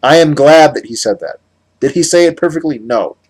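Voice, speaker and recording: A man's voice: a little high, expressive, a little fast, darkish tone, breathy edge. A man from the United States giving a heated, sarcastic monologue on his vlog, rambling with many restarts. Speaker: political commentator.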